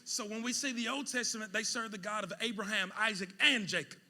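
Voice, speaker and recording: A pastor preaching a sermon, swinging between loud shouted peaks and quiet asides. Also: male voice, sits high, fairly even intonation, fairly quick. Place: church sanctuary with congregation.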